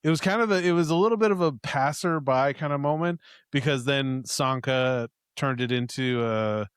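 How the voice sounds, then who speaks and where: A man's voice: mid-range voice, moderate pace, smooth, dry recording, studio quality. A man co-hosting a podcast, chatting casually about a movie, joking and trailing into hesitant restarts. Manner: joking, laughs often, hesitant starts. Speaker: podcast co-host.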